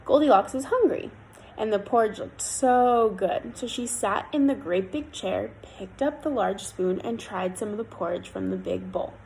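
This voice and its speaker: A woman storyteller reading a fairy tale aloud in an expressive, lilting way. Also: medium pitch, normal speed, gravelly, a little hiss or hum, poor audio.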